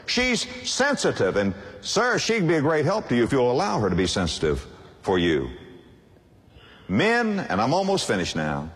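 A man's voice: mid-range voice, a bit bright. An older man preaching a sermon in an emphatic, repetitive cadence. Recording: long hall reverb.

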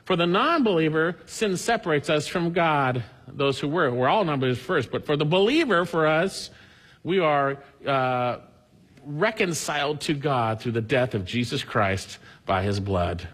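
A man's voice: a little high, lively intonation, unhurried, a bit bright, slightly rough, in a large hall. A man preaching a sermon, earnestly reading scripture aloud with emphasis. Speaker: pastor.

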